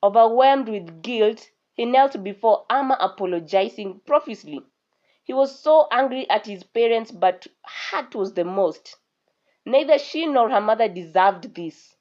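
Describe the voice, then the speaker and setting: A woman storyteller giving an expressive, scripted narration of a folk tale. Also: on the high side, measured pace. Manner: expressive reading. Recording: dull lo-fi recording.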